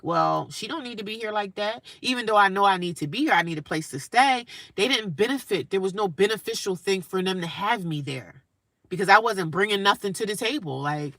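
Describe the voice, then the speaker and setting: A woman's voice: mid-range voice, pushed and bright, no echo. A woman vlogging from inside her parked car, chatting casually and emphatically to viewers and calling them honey. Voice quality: emphatic, talkative, calls listeners honey. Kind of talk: casual vlog chat to viewers.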